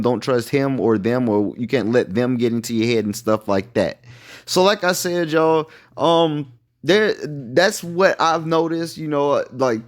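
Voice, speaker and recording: A man casually talking through a fan theory, loose and chatty with lots of fillers. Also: on the high side. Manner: loose and chatty, many fillers, keeps saying "you feel me". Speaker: YouTuber explaining a fan theory. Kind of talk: casual explanatory monologue.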